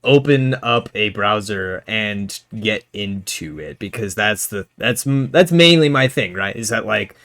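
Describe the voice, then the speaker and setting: A young man jokes through a casual podcast chat with a lively, swooping voice. He laughs often, and the recording is dry and close. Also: on the low side, a little slow, few pauses, dry recording. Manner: animated, joking, laughs often. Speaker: podcast co-host.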